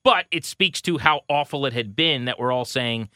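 A man co-hosting a baseball podcast, casually rattling off pitching stats with a wry edge. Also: normal speed, pushed and bright, no room sound, studio quality. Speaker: podcast co-host. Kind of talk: casual sports talk.

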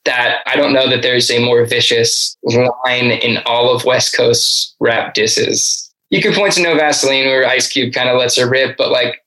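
A man's voice: medium pitch, sharp tone, poor audio. A man appearing as a guest writer on a podcast, analyzing rap songs thoughtfully and correcting himself as he goes. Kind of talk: casual podcast interview.

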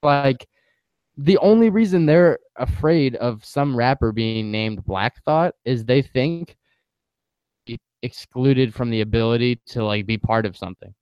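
A man co-hosting a podcast in casual chat, animated and slangy, full of fillers. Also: mid-range voice, measured pace, clean tone, no echo, lo-fi sound. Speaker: podcast co-host.

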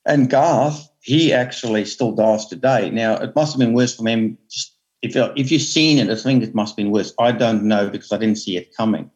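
A man telling an earnest, halting story as a guest spearfisherman, often repeating his words. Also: fairly low pitch, a little mellow, muffled recording. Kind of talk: emotional storytelling.

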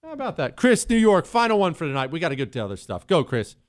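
A man's voice: on the high side, sing-song, quick pace. A man hosting a call-in radio talk show, brash and joking as he talks.

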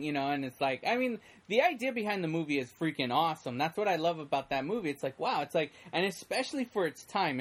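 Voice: medium pitch, a bit bright. A speaker chatting casually about a film, rambling and restarting often, with heavy use of filler words. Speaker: film fan in conversation. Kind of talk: casual chat.

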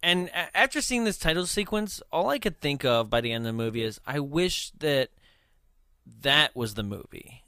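A man's voice: a little high, expressive, moderate pace, pushed and bright, clean tone, dry recording, studio quality. A man co-hosting a casual movie-review chat, joking and laughing often. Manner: laughs often, jokey and teasing. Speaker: podcast co-host.

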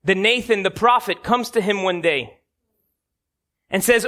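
A man's voice: sits high, expressive, a little slow, a bit bright. A man preaching a sermon, telling stories dramatically and building to emphatic peaks.

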